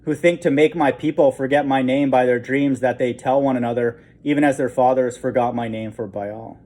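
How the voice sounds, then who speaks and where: A man's voice: medium pitch, fairly even intonation, a little fast, darkish tone. A man giving an informal Bible teaching, reading verses aloud and breaking in with frequent "okay?" asides and short chuckles. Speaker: online preacher.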